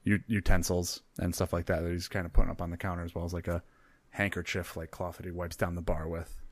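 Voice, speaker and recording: A man's voice: low-pitched, level tone, fast, no room sound. A man playing a tabletop game, describing his character's actions hesitantly with many fillers. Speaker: player.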